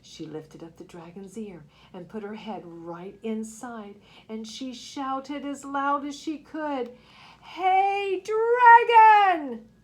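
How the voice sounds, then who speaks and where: A woman reading a picture book aloud to young children, expressive and asking them questions. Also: a little high, slow pace, few pauses, a little hiss or hum. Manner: expressive, gasps and asks the listeners questions. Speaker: children's story reader.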